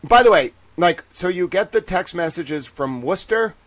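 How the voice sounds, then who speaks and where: Livestream host, male, Boston accent, slightly high voice, animated profane ranter. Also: normal speed. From Boston, Massachusetts. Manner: profane, ranting, heavy swearing; animated, jokey, laughs often. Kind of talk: casual livestream chat.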